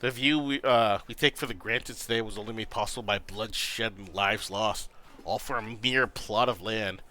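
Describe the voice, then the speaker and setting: A man's voice: on the low side, moderate pace, bright, forceful tone. A man voicing a weary, reflective middle-aged ex-gangster, reading game dialogue aloud in a subdued, thoughtful way.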